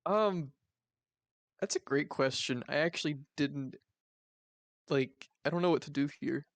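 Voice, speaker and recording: A young man chats hesitantly as a tabletop player, easygoing and unsure. His somewhat high voice has a strong gravelly fry. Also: unhurried, no echo. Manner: hesitant, laid-back. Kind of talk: casual tabletop game chat.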